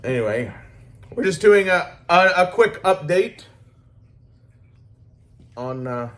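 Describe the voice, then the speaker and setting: A man's voice: sits high, expressive, takes it slowly, a bit bright. A man chatting casually and swearing freely while giving a workshop project update. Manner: rambling, profane, laid-back. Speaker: hobby swordsmith vlogger.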